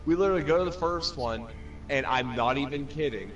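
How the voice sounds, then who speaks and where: A young man telling a profane, animated bar story among friends, swearing constantly and acting out other people's voices. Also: fairly high pitch, brisk, highs cut off. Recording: distant mic with loud music behind. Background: music.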